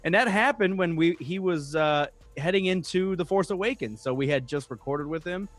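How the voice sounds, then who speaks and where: A man co-hosting a podcast in casual comedic chat, jokey and excitable, swearing freely. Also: on the high side, normal speed. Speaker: podcast co-host.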